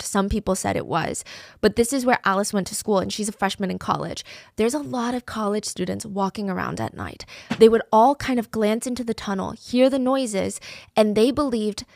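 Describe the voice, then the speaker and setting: A woman's voice: medium pitch, expressive, a little fast, creaky, no room sound, clean studio sound. A woman telling a true crime story in a casual, conversational way, with fillers like "like" and "I mean".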